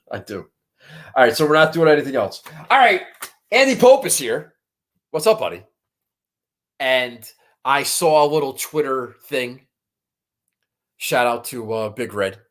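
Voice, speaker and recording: Fired-up, swearing golf betting host. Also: male voice, mid-range voice, big pitch swings, a little slow, pauses often, a bit bright. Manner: frustrated, profane, rambling. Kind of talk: casual chat.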